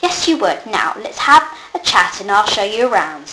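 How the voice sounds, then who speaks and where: A woman's voice: mid-range voice, very animated, moderate pace, lightly acted. A woman reading as soothing Hepzibah. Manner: gentle and reassuring. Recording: echoey room, faint noise.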